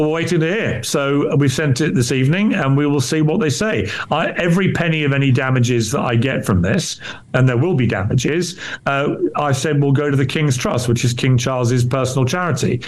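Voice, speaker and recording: A middle-aged man, a former newspaper editor answering interview questions in an indignant, emphatic way. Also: mid-range voice. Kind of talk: defensive on-air interview.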